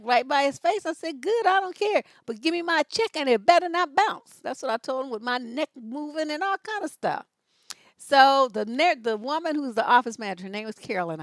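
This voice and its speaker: Middle-aged woman, advice host, sassy storyteller, animated pitch, dry sound. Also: no room sound. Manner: lively, sassy storyteller, big pitch jumps when quoting herself. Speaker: relationship coach and advice host. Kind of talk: casual storytelling on a livestream.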